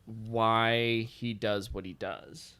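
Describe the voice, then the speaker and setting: A man's voice: fairly low pitch, fairly even intonation, extremely slow, bright, forceful tone, clean tone. A man guesting on a podcast, chatting casually in an earnest, rambling way and laughing easily. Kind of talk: casual chat.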